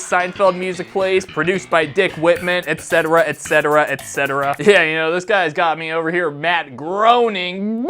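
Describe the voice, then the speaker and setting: A comedian delivering a rambling, absurd comedic monologue in a deadpan manner. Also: mid-range voice.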